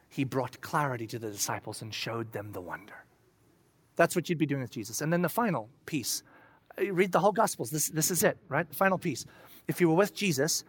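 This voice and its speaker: A preacher giving a sermon, telling the story in an animated way and acting out voices, then dropping to a soft, low voice for serious points. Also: no room sound.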